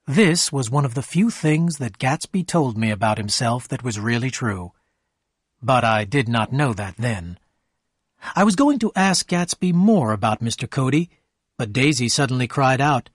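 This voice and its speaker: Male narrator, slow and clear, husky, dry close recording, for learner audiobook. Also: mid-range voice, sing-song, dry recording. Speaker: storyteller for English learners. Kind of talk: scripted narration.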